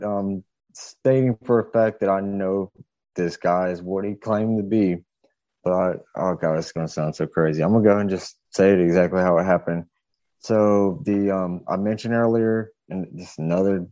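Deep, dark-voiced man telling a rambling story. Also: fairly even intonation, moderate pace, dry recording, muffled recording. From southeastern United States. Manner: rambling, hesitant, many fillers and restarts. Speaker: podcast guest. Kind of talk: casual storytelling.

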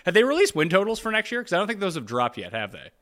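A man's voice: high-pitched, wildly swooping pitch, rapid-fire, a bit bright. A man hosting a casual sports betting podcast, teasing his co-hosts and asking them questions. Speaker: podcast host.

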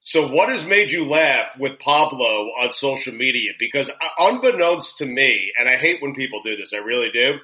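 A man hosting a casual comedy podcast, telling stories in an animated way, laughing often and swearing freely. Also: mid-range voice, moderate pace, few pauses, rough recording. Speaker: podcast host.

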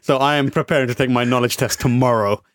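Talking fast at medium pitch, a British podcast co-host relates a story in casual conversation, performing quoted voices and peppering it with fillers and swearing. The recording is dry and clean, studio quality.

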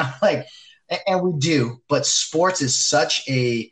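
A man in casual chat, talking loudly and emphatically with many fillers. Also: on the high side, slow pace. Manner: loud, emphatic, rambling.

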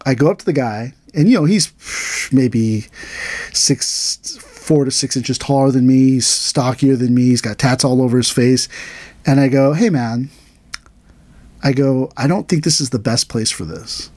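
Man, podcast host, casual storytelling, mid pitch, dry close sound. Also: unhurried, dry recording. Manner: animated, acts out quoted dialogue in a raised voice. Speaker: podcast host, aikido teacher.

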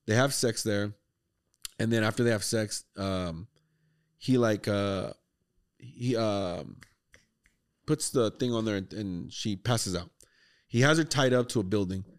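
A man hosting a podcast, excitedly retelling a horror movie plot in casual, profane, rambling chat. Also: on the low side, measured pace, long pauses. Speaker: podcast host.

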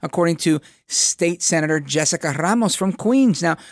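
A man's voice: on the high side, animated, moderate pace, dry recording, clean studio sound. A man hosting a political talk program, delivering a sarcastic, mocking commentary monologue. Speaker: radio show host.

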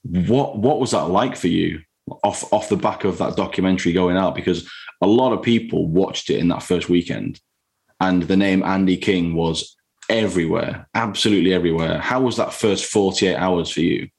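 A man's voice: deep voice, normal speed, creaky, a little mellow. A man hosting a podcast, asking questions in a casual interview. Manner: asks questions and murmurs agreement. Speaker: podcast host.

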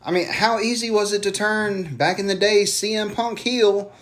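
A man's voice: high voice, steady tone, moderate pace, a bit bright. A man talking in a loose, heated podcast rant. He swears often and now and then slips into mocking voices to make his point. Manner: heated, swears freely, mocks wrestlers in put-on voices. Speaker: podcast co-host. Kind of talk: casual wrestling chat.

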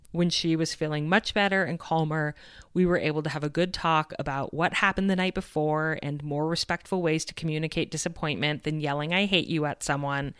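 A woman's voice: low voice, clean tone, no echo, studio quality. A woman hosting a podcast, telling a personal parenting story in an earnest, reflective way. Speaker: podcast host. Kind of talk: podcast monologue.

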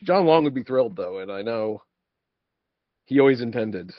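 A man's voice: medium pitch, animated, moderate pace, no room sound, muffled recording. A man co-hosting a casual movie podcast, laughing often and making jokey asides. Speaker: podcast co-host.

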